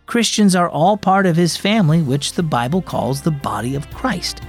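A man's voice: fairly high pitch, animated, normal speed, soft background music. A man hosting and narrating a children's devotional program with scripted storytelling in an upbeat, emphatic way. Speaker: host.

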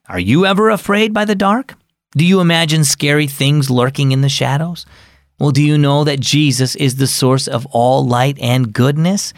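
Earnest man narrating a kids' devotional. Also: on the high side. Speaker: host of a children's devotional. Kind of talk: scripted narration.

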